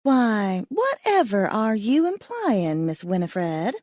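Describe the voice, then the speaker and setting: A woman's voice: very high voice, big pitch swings, moderate pace, a little mellow, dry recording, clean studio sound, pitched above the performer's own voice. A woman voicing a young heroine who is coy and easily flustered. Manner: mock-genteel Southern put-on.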